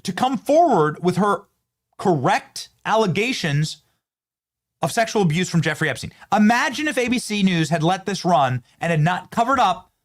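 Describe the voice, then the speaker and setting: Male show host, animated pitch, emphatic, sarcastic delivery. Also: normal speed. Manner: emphatic, sarcastic rhetorical questions. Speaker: political commentary show host. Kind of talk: opinionated commentary.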